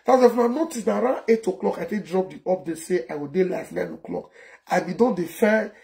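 A Nigerian man in his forties hosting a casual live stream, talking in an animated way and firing off repeated rhetorical questions. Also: high voice, fairly quick, creaky. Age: 40s. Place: indoors abroad, cold.

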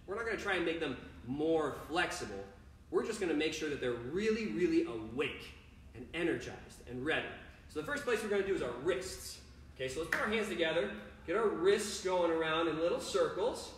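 A man's voice: fairly high pitch, expressive, brisk, very echoey, slight background noise. Upbeat male gymnastics coach for kids. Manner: upbeat, playful, talks to children at home. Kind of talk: kids' home workout lesson.

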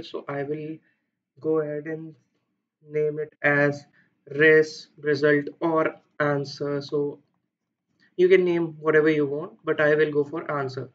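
A man with an Indian accent talks slowly through a coding solution, pausing on fillers and correcting himself as he goes. His voice sits a little high for a man. The recording sounds dull and lo-fi. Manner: thinking aloud with frequent fillers and self-corrections. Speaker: coding tutor. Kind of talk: screen-recorded coding walkthrough.

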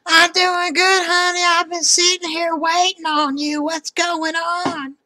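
A woman's voice: extremely high pitch, level tone, measured pace, bright, forceful tone, full character voice. A woman playing a sweet-talking old lady who makes crude jokes, on a prank voice chat. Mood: doting. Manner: doting, teasing, crude jokes. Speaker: scambaiter.

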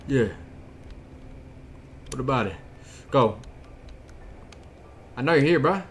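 A man's voice: mid-range voice, expressive, slow, a bit bright, a little hiss or hum. Jokey young man playing a horror game. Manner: jokey, talks back to game characters. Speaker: gaming channel host. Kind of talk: casual let's-play commentary. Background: game music.

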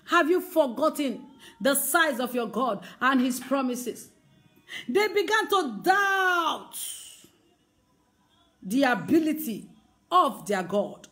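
Lady preacher, high pitched, keeps hammering the same question over and over. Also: lively intonation, slow pace, pauses often, a bit bright, faint music behind. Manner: emphatic, repetitive rhetorical questions. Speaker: evangelist. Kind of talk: sermon.

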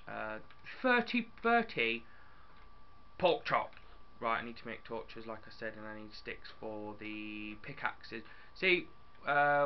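Excitable young man, lo-fi mic. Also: medium pitch, a little hiss or hum. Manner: chatty, excitable, talks to the viewers and to his in-game dog. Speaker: gaming YouTuber. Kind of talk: casual game commentary.

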